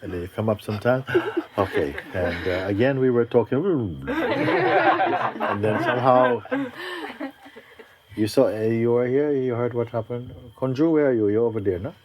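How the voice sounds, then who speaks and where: A man as a spiritual teacher giving a spontaneous talk to a gathering, gentle and unhurried, often breaking into laughter. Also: mid-range voice, over a noisy crowd. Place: retreat gathering.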